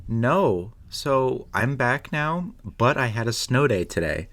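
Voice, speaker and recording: A man's voice: mid-range voice, very animated, slow pace, fairly bright tone. A young man from Oklahoma, a podcast guest chatting casually in a dry, matter-of-fact way.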